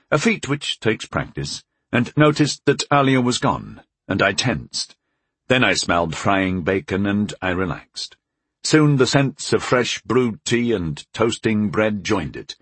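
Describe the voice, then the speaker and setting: A man with a low, husky voice reads a first-person fantasy tale in a measured, gently wry manner. The recording is dry and close, with no room sound. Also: dry recording. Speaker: audiobook narrator.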